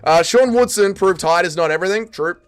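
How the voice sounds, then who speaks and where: A young man casually chatting on a livestream and reading viewer comments aloud, jumping between loud quips and low mutters. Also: a little fast, clear, resonant tone, faint music behind. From Australia. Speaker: streamer reading chat.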